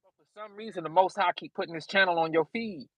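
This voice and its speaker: A man leading a Bible study live stream, reading scripture in an emphatic, drawn-out way. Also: sits high, fairly bright tone, dry recording, low-quality recording.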